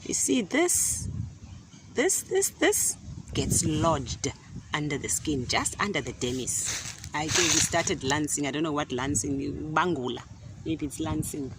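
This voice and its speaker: A middle-aged woman telling a casual story in an animated way, often repeating words and laughing. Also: low voice, measured pace, noisy background. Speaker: gardening vlogger. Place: outdoor garden.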